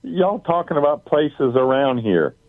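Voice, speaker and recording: A man's voice: a little high, very animated, a little slow, heavy background noise. Male caller, phone-line sound. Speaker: radio caller. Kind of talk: phone call to radio.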